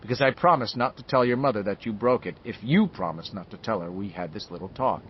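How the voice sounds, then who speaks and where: A man reading the part of a controlling older male pharmacist who lectures in a measured, quietly sharp way. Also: lowish voice, dull audio, slight background noise, lightly acted. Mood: smug.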